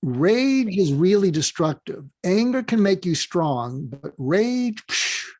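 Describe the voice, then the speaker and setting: A man with a fairly high voice gives earnest advice as a podcast guest. He speaks right to the listeners, and the recording sounds dry and close. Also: very animated, slow pace, a little mellow, no room sound. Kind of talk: giving advice in an interview.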